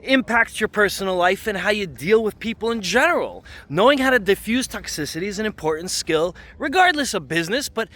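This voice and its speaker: High-voiced man giving emphatic advice. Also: big pitch swings, brisk, hardly any pauses, bright, forceful tone. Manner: emphatic, conversational, repeats points with "okay?". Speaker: leadership channel host. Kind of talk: casual talking-to-camera advice.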